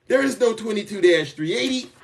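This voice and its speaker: A man's voice: sits high, lively intonation, fairly quick, gravelly, far from the mic. A man doing a casual live political rant as a TikTok commentator, sarcastic and emphatic, often repeating himself.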